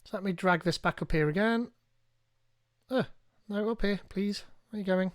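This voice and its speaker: A man hosting a live tech tutorial, reading instructions aloud and thinking out loud as he goes. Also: high voice, moderate pace, dry recording, clean studio sound. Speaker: tech streamer.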